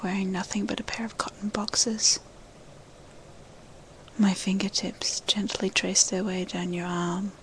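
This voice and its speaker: A woman in a whispered role-play, telling an intimate first-person story in an unvoiced whisper, hushed and slow. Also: on the low side, a little hiss or hum, poor audio.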